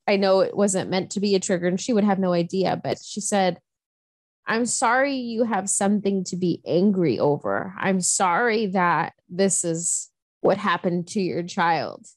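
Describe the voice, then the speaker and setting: A woman's voice: mid-range voice, animated, unhurried, no room sound. A woman co-hosting a grief podcast, talking in an emotional, reflective way with many fillers. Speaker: podcast co-host. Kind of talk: casual podcast chat.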